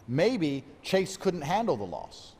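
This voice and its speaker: A man's voice: a little high, wildly swooping pitch, takes it slowly, a little mellow, slightly rough, in a large hall. A man in his thirties, a fighter, talking in a brooding, self-pitying monologue laced with swearing. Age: 30s. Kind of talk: emotional monologue.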